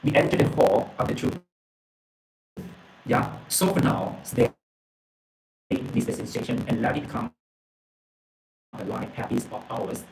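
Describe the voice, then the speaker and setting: Man presenter, halting storyteller, gravelly voice, echoey room. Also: medium pitch, a little mellow. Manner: halting, repeats words, fills with okay and yeah. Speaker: presenter retelling a book's story. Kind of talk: casual storytelling and reading aloud.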